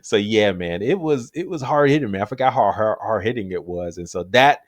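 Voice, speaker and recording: A man on the low side vocally co-hosts a casual movie podcast, talking briskly with few pauses as he tells stories with gusto, acts out quotes, and laughs often. The sound is studio quality with no echo.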